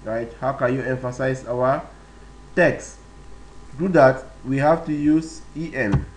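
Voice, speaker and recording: A man walks through coding steps at an unhurried, deliberate pace, pausing on fillers and repeating himself as he goes. His voice sits in an ordinary middle register, and a faint hiss runs under the recording. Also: medium pitch, rough recording. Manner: slow, step-by-step, with frequent fillers and repetitions. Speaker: web development tutor. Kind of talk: screen-recorded coding tutorial.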